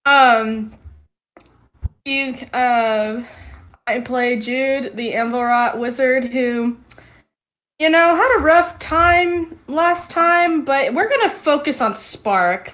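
A woman with a high voice chats slowly and playfully. She sounds bubbly as she introduces her part. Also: fairly bright tone. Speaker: player. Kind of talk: casual chat.

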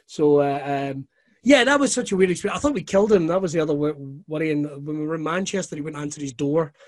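A man telling stories as a guest, his voice sitting a little high. He swears freely and throws himself into his anecdotes, laughing along the way. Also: fast. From Scotland. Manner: profane, animated anecdotes with laughter. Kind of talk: casual storytelling.

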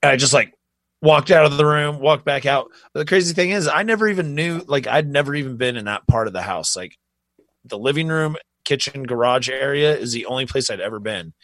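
A man's voice: medium pitch, animated, brisk, fairly bright tone, no room sound. A young man co-hosting a podcast, telling a story in a laid-back, rambling way with lots of fillers. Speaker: podcast co-host. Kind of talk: casual storytelling chat.

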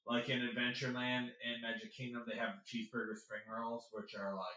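A man co-hosting a podcast, telling stories in a casual, animated way and laughing often. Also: medium pitch, a little fast, heavy reverb, distant mic, slight background noise, poor audio. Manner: animated, laughs often, acts out quoted voices. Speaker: podcast co-host. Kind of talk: casual storytelling chat.

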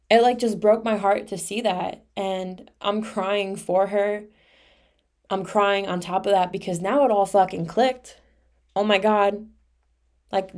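A young woman talks straight into her podcast mic in a loose, confessional flow. She is candid and emotional, sprinkling in casual swearing and filler words, and her pitch sits in an ordinary middle range for a woman. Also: darkish tone. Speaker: podcast host.

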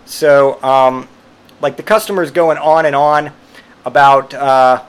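A man's voice: medium pitch, slow, clean tone. A man telling a rambling personal story, swearing freely and amused, with lots of fillers and restarts. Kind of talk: casual storytelling monologue.

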